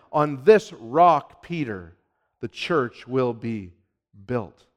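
A man preaching a sermon as pastor, emphatic, swinging from hushed lines to loud, urgent ones. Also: mid-range voice, animated, extremely slow.

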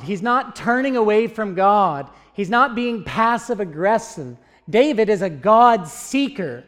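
A man's voice: high-pitched, a bit bright. A man preaching a sermon, earnest and asking his listeners rhetorical questions.

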